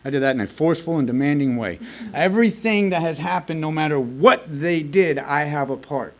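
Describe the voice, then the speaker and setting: A man's voice: on the high side, brisk. A man speaking at a recovery meeting, telling his own story in a candid, plain-spoken and earnest way, with some casual swearing. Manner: earnest and confessional. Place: meeting room at a school.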